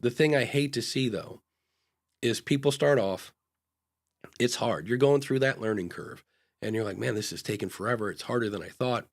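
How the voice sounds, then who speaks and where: A mid-pitched man co-hosts a live advice podcast, speaking frankly and loosely with lots of ums and restarts. He keeps breaking into quick acted-out dialogues with the people he coaches, switching voices as he goes.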